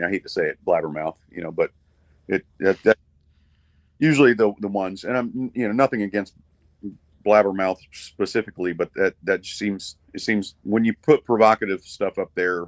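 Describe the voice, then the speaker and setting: A man's voice: sits low, no echo. A middle-aged man, a guest musician on a video call, chatting casually in a rambling way with frequent restarts and the odd swear word. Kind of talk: casual chat.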